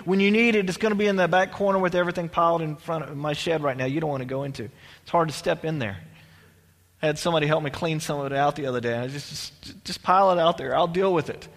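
Male pastor, conversational sermon with restarts and asides, high pitch, echoing church hall. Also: a bit bright.

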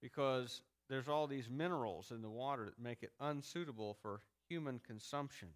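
A man's voice: mid-range voice, moderate pace. A man preaching a sermon in a conversational way, acting out the people he talks about. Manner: conversational preaching, acts out grumbling crowds. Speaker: pastor.

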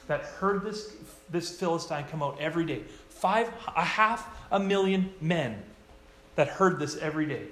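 A man preaching a sermon in a church, telling stories with lively voices for the quoted lines. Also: slight background noise. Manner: animated storytelling, acts out quoted lines in a higher voice. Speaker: pastor.

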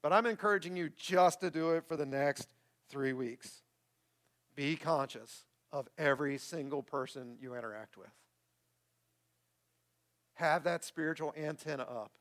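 A man's voice: fairly high pitch, a little slow, pauses often, fairly bright tone. A man preaching a sermon as pastor, emphatic and repeating key words to rouse the room. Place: church.

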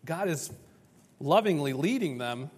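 Animated preacher in a reverberant hall. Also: male voice, fairly high pitch, a little slow, breathy edge. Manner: animated, conversational, acts out dialogue. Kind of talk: sermon.

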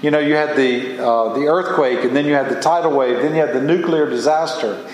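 A man's voice: medium pitch, a little fast, a little hiss or hum. A man preaching a sermon as a pastor, earnest and emphatic, often rising into exclamations. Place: church sanctuary. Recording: echoey hall from far off.

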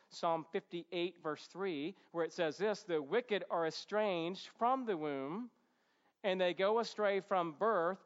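A man preaching a sermon in a conversational way, with humorous asides and rhetorical questions to the congregation. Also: on the high side. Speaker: pastor. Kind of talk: expository sermon. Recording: dull, echoey church hall sound.

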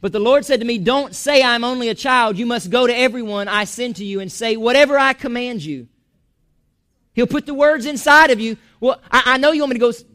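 Pastor guy preaching in church, really high voice, jokey, all over the place. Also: fairly quick. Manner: animated, preaching with jokes and asides. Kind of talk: sermon.

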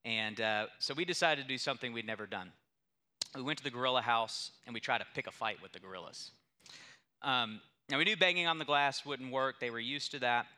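A man's voice: mid-range voice, a little fast, sharp tone. A young adult male pastor preaching a sermon, telling a story with emphatic, building intensity.

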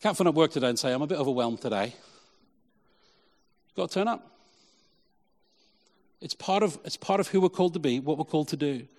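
A man preaching a lively sermon as pastor, then leading a prayer with many repeats of "Lord". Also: a little high, fast talker, long pauses. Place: church hall. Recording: long church hall reverb.

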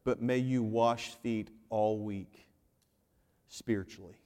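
A man preaching a sermon as pastor, animated and joking with the congregation, dropping to hushed emphasis on key points. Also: fairly low pitch, slow, clean tone, big-room sound. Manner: jokes with the congregation.

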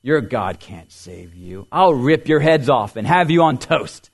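A man voicing a boastful giant warrior from a storybook, taunting his enemies slowly. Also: medium pitch, big pitch swings, creaky, exaggerated voice.

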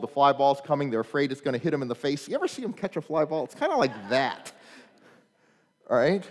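A man preaching a sermon in a conversational way, checking in with listeners and telling humorous stories. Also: on the high side. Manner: animated storyteller with humorous anecdotes. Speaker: pastor. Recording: long reverb in a large hall.

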